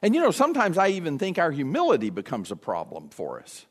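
A man's voice: on the high side, quick pace, breathy edge. A man preaching a sermon, acting out the voices of the people he quotes. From United States. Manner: animated, acts out quoted voices. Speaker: pastor.

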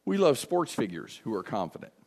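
A man's voice: medium pitch, brisk. A man preaching a sermon, acting out the voices of the people he quotes. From United States. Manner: animated, acts out quoted voices. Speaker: pastor.

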